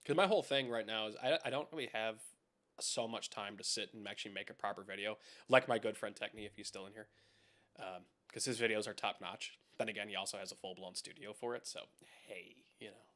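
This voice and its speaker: A man's voice: fairly low pitch, fairly even intonation, a little fast, fairly bright tone. A young man hosting a casual live stream from home, rambling, swearing and chatting with viewers about keyboards. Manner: rambling, swears, laughs often, talks to chat.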